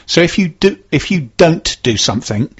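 A man hosting a casual chat and telling personal anecdotes in a relaxed way. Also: on the high side, normal speed, breathy edge. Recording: dull lo-fi sound.

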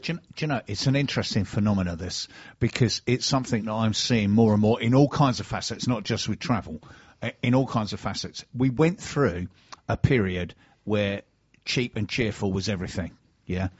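Male radio host, husky, dry dull studio sound, casual teasing chat. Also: lowish voice, a little fast, no room sound. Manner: jokey, teasing banter.

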